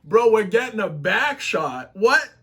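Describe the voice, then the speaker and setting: A man reacts to a comic in a casual, slang-heavy way, full of exclamations. His voice sits high for a man. He talks at an unhurried pace between his outbursts. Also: expressive, fairly bright tone. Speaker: webtoon reactor.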